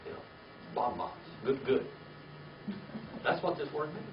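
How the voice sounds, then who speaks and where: A man's voice: a little high, a little slow. A man teaching a Bible lesson to a small class, asking questions, repeating key words and checking in with "all right?" after each point. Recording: distant, echoey, dull room recording with faint hiss.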